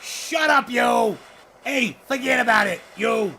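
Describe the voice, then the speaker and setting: A man putting on the voice of a brash, loud guy from New Jersey with a New Jersey accent. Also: extremely high pitch, takes it slowly, a little hiss or hum, full character voice. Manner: loud, pushy, mocking.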